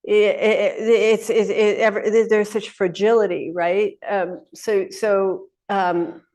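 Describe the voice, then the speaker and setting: A woman's voice: mid-range voice, steady tone, takes it slowly, a little mellow. A middle-aged woman talking off the cuff. She rambles through fillers and restarts and often laughs. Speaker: host. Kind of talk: casual spoken talk.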